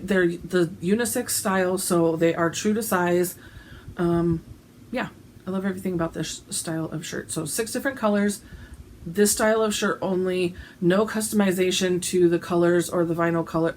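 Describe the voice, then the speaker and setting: A woman's voice: lowish voice, darkish tone, slight background noise, low-quality recording. A woman chatting casually to camera about her shirts, giggly, with plenty of ums and restarts. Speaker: cross-stitch vlogger selling shirts.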